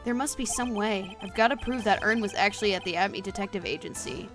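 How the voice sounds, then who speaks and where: A woman's voice: medium pitch, brisk, music in the background, lightly acted. A woman reading a nervous young male lawyer. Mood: anxious.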